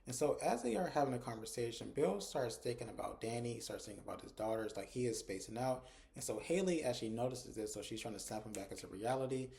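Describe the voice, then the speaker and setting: A man with a mellow, warm voice talks through a TV episode in a relaxed, conversational way. He strings the scenes together with "and so" and "like", as if telling a friend what happened. His pitch sits in an ordinary middle range. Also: quick pace, gravelly. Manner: retells scenes conversationally, often with "and so" and "like". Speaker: TV episode reviewer. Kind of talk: casual episode recap.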